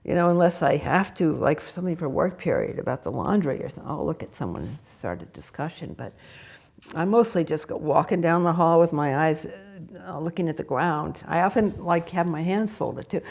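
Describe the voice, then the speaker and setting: Older lady zen teacher, gravelly husky voice, swoops up and down a lot, chatty and laughing. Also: low voice, lively intonation, fairly quick, darkish tone. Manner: candid, laughing, conversational. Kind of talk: dharma talk with questions. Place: meditation hall.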